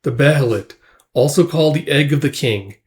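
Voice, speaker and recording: A man voicing a charismatic, ambitious young male mercenary commander in a casual comic recap, calm and quietly self-assured. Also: on the high side, a little fast, lightly acted. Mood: matter-of-fact.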